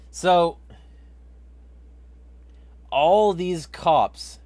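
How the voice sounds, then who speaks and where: A man hosting a casual livestream vlog at a mid-range pitch. He swears a lot, laughs between remarks and reacts out loud to viewer comments. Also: no room sound. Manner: profane, laughing, reads chat comments aloud. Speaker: vlog host.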